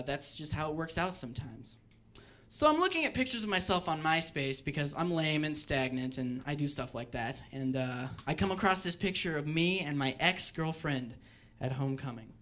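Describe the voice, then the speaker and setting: A young man doing a stand-up comedy set on a club stage, telling animated stories and mimicking the voices of people in them. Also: a little high.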